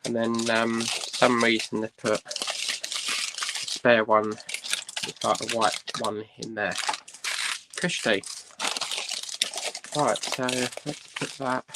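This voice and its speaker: A man hosts a relaxed unboxing vlog, talking unhurriedly in a gravelly voice. He thinks aloud as he goes, with plenty of "right" and "um". The home recording is noisy, with clicks behind him. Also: medium pitch, slow, long pauses. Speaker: host.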